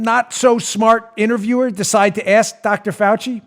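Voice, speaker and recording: Into a studio mic, a political talk show host delivers sarcastic, mocking, opinionated commentary and laughs at his own jabs. His voice is high, his delivery flat, his pace moderate.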